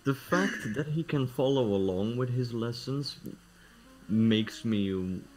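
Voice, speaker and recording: A man's voice: medium pitch, takes it slowly, very noisy. A man chatting as a player in a tabletop role-playing game, blunt and swearing freely. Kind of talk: casual chat during a tabletop game.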